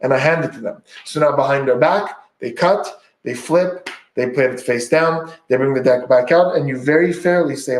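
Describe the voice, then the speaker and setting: A man's voice: mid-range voice, normal speed, echoey room. A man hosting a casual magic livestream, upbeat and chatty, walking through a card trick step by step.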